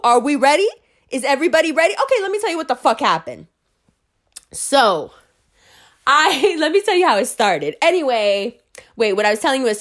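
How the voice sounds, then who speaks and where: A woman getting over the flu, talking to her viewers about astrology in a blunt, profane, animated ramble. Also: on the high side. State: recovering from flu, voice a bit off. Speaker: astrology content creator. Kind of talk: casual rambling monologue to viewers.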